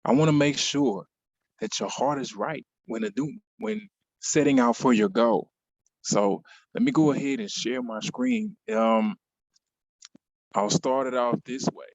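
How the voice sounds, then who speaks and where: A man speaks at a medium pitch in a relaxed motivational talk to an online audience, repeating key phrases and asking "right?" often. The sound is dull and lo-fi, dry with no room around it. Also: unhurried, no room sound. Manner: conversational, repeats phrases for emphasis, asks "right?".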